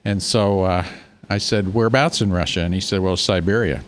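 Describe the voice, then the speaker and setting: A man tells a story as a regular on a radio talk show, in an easygoing, plain manner. His voice sits fairly low, and faint noise runs behind him. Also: steady tone, moderate pace. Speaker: radio show regular, short-term missionary.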